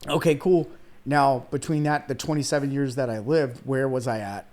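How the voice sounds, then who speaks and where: A man in his thirties from Iran, a weight loss coach appearing as a podcast guest, tells his life story in a casual interview, earnest and heartfelt, calling the host "man" and "dude" and sometimes nearly crying. His mid-range voice is steady and a little mellow, moving at normal speed.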